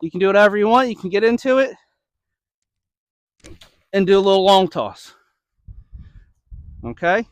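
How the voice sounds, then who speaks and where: Baseball coach demoing drills: a high-voiced man, slightly winded, checking in with "okay?" and "right?", in a dry, close recording. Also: moderate pace, pauses often, dry recording. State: slightly out of breath. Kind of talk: instructional demo.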